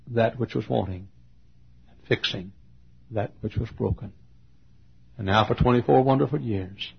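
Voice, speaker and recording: A man's voice: on the low side, creaky, husky. An older man, a pastor, telling a folksy story in a sermon, often repeating words and coughing. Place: church auditorium. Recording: dull lo-fi recording.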